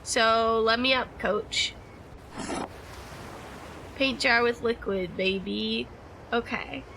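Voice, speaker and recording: Woman streamer chatting thru a game, high voice, slow and easy. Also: vocal fry, pushed and bright, a little hiss or hum, low-quality recording. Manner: chatty, laughs easily. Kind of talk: casual gameplay commentary.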